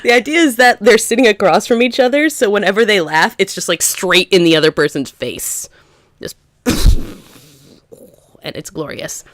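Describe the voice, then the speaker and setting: A woman co-hosting a podcast in casual chat, talking fast and loose with many fillers and frequent laughs. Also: medium pitch, fairly bright tone, dry recording. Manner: chatty, lots of "like" fillers, laughs often. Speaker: podcast co-host.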